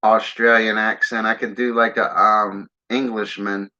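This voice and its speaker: Man, livestream host, rambling casual chat, lowish voice, dull lo-fi audio. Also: flat delivery, a little slow, pushed and bright. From Philadelphia area, US. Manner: rambling, keeps saying "man"; smokes while talking.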